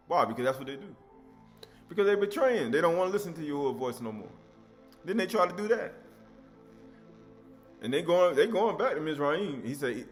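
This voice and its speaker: A man preaches from scripture with a slightly high voice, talking to listeners directly and with emphasis. He slips into the voices of people he quotes to make his point. Soft music plays quietly underneath. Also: expressive, normal speed, pauses often. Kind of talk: scripture teaching.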